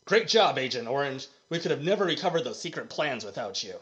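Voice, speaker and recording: A man's voice: medium pitch, very animated, fast talker, a bit bright, highs cut off, faint music behind. Man reading as an earnest spy captain. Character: earnest male spy captain giving praise.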